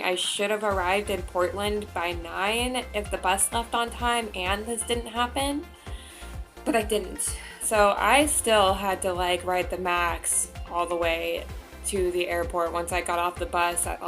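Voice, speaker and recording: A young woman tells a story casually for a vlog, chatting along with plenty of filler words. Her voice sits at a medium pitch. Faint music plays behind her. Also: fairly even intonation, unhurried, a bit bright. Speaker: vlogger.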